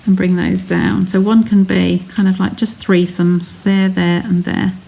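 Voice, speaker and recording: A woman's voice: on the low side, flat delivery, measured pace, gravelly, warm tone. English woman, craft demonstrator, chatty and step-by-step, faint background noise. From England. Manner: chatty, narrates each step while reading live comments. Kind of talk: live card-making demonstration.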